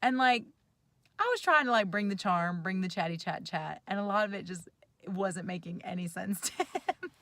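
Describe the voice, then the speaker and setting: A woman in her thirties vlogging from inside a parked car, telling a story in an animated, giggly, chatty way. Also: medium pitch, normal speed, no room sound. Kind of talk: casual storytelling to camera.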